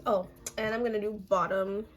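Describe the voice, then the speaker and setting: A young woman with a hoarse voice, chatting casually and a little self-deprecatingly while walking through her makeup routine. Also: medium pitch, steady tone, normal speed, faint music behind. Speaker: makeup vlogger. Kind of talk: casual makeup tutorial chat.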